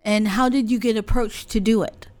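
Higher-voiced woman hosting a podcast interview. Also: fairly even intonation, moderate pace, a little mellow. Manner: encouraging short interjections. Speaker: podcast host. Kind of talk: casual interview.

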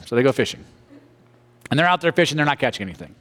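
A man preaching a sermon in church, telling the story with animated voices and jokey asides. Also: mid-range voice, racing. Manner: animated storytelling, acting out characters. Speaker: pastor.

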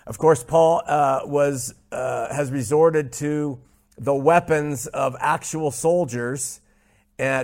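A man teaching a Bible study, speaking emphatically, repeating key points and slowing down to stress scripture. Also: fairly high pitch, steady tone.

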